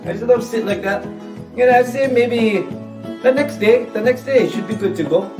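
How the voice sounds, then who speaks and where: A man's voice: very high-pitched, moderate pace, roomy sound, recorded from a distance, over music, pitched above the performer's own voice. A man putting on a heavy Hawaiian Pidgin accent for a joking recipe video, chatty and playful. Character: exaggerated laid-back island guy, male adult. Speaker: home cook in a recipe video.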